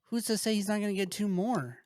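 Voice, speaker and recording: A man's voice: sits high, expressive, a little fast, a little mellow, no echo. A man co-hosting a podcast in casual chat, teasing his friends. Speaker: podcast co-host.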